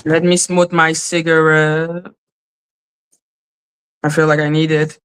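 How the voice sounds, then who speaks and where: A woman's voice: low voice, flat delivery, slow pace, a bit bright, a little hiss or hum. A woman hosting a casual livestream, talking to her chat in an emotional, openly apologetic way and swearing freely. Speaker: livestream host reading chat.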